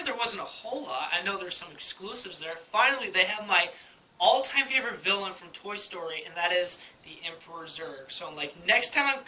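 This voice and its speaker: A man's voice: high voice, bright, forceful tone, a little hiss or hum, rough recording. A young man telling a casual vlog story at home, rambling with many ums and likes and laughing often. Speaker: vlogger. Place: at home, indoors.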